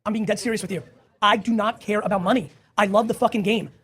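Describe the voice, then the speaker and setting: Man, host, live Q&A, very fast, blunt, profane, emphatic. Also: high voice, steady tone, fairly bright tone. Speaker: podcast host answering audience questions. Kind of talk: live Q&A talk.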